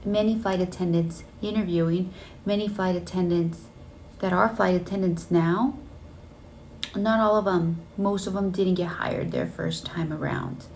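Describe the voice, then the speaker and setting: A woman's voice: fairly low pitch, animated, unhurried, darkish tone, a little hiss or hum. A woman telling her story in a casual vlog, earnest and emotional, with many fillers like "you know" and "like.". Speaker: flight attendant vlogger. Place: hotel room on a layover.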